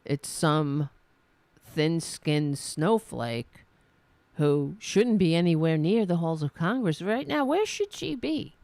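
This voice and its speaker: A sarcastic woman hosts a political podcast, mocking and swearing freely. Her gravelly voice swings widely in pitch at an unhurried pace, and the sound is dry and close. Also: big pitch swings, darkish tone, no room sound. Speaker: podcast host. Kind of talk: political commentary.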